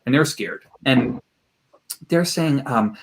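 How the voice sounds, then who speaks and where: A man appearing as an expert guest on a podcast, telling stories in an animated way and slipping into quoted voices as he talks. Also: mid-range voice, slow. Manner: animated, jumps into quoted voices, laughs while talking. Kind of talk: podcast interview storytelling. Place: home room with collected objects.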